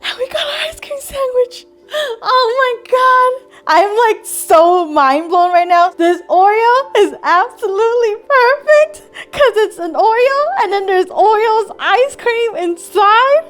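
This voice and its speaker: A young woman hosting a cooking vlog in a very high, girlish voice. She giggles and squeals constantly, chatting straight to her viewers, with faint music playing underneath. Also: lively intonation, takes it slowly, a bit bright. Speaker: food vlogger.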